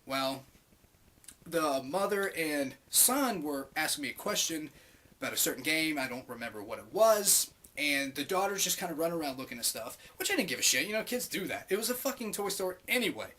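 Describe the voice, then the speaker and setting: Casting note: young male vlogger, foul-mouthed storyteller, lively swooping pitch. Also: a little fast. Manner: profane, animated, acts out quoted voices loudly. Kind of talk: casual storytelling to camera.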